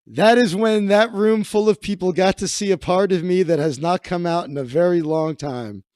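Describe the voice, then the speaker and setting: A man who is a comedian telling a story, lively, acting out the voices of people in it. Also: sits high, normal speed, clean tone, no echo, studio quality. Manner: animated, acts out the voices of the people in his story.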